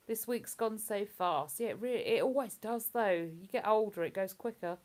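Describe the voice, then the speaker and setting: Live-stream host: woman, London-area English accent, chatty and rambling, mid-pitched voice. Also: normal speed, few pauses, a little mellow. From England. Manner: chatty, rambling, reads out viewer comments. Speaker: livestream host. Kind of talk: casual live-stream chat.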